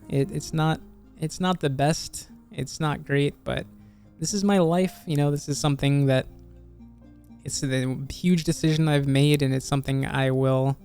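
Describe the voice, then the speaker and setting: A video game YouTuber who is slowly losing their voice talks in a halting, earnest way, restarting phrases, over a studio microphone. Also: mid-range voice, clear, resonant tone. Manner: earnest, halting, many restarts and soft laughs. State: slowly losing voice, slightly hoarse. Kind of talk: reflective casual video commentary.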